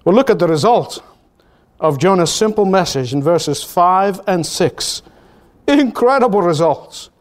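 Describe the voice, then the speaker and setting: A man preaching with a notably high voice, building his points through hammering repetition. He leaps up for exclamations, then drops low and slows right down for solemn statements. The delivery is a classic pulpit sermon. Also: animated. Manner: emphatic, repetitive preaching cadence; swings between high exclamations and low, drawn-out solemn lines.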